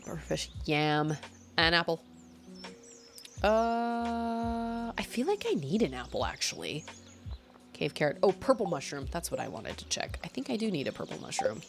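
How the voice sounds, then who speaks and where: A woman's voice: on the low side, very animated, moderate pace, creaky, music in the background. A young adult woman streamer chatting casually while playing a game, thinking aloud and laughing easily. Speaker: gaming streamer. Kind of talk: casual chat while gaming.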